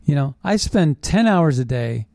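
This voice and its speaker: A man's voice: fairly high pitch, a little slow, gravelly, no echo, clean studio sound. Indignant man ranting politics. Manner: animated, indignant, sarcastic ranting. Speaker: political commentary host. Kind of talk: opinionated political monologue.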